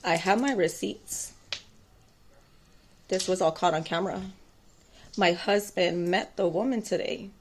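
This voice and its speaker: A lowish-voiced tarot vlogger, an adult mother of two boys, speaks at a measured pace and pauses often, with a little hiss or hum in the audio. She tells a personal story to camera, rambling and intense, defiant, with many fillers.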